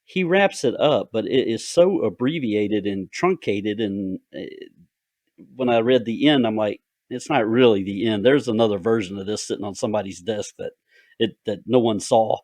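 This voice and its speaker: A man's voice: lowish voice, moderate pace, a little mellow, no room sound, clean studio sound. A man with a Southern US accent, an author and podcast host chatting casually and rambling about writing. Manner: drawling, rambling storyteller.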